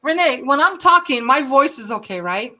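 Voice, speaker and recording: Woman host, loose and jokey, high, bright tone. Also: very animated, normal speed. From California, USA. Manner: loose, joking, swears casually. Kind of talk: casual live stream chat.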